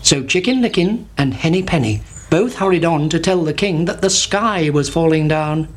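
A narrator reading a children's fairy tale in a steady, lively manner. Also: medium pitch, moderate pace. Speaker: storyteller. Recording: noisy background.

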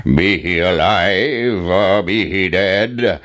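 A man booming as a slow, menacing giant. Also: a bit bright, full character voice. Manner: slow, booming, drawn-out threats. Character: huge wicked menacing male giant.

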